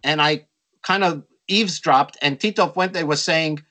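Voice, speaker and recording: An older man telling stories from his music career in an interview, animated and acting out quotes in a raised voice. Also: fairly high pitch, unhurried, poor audio. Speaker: interview guest, jazz musician. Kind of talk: storytelling in a conversation.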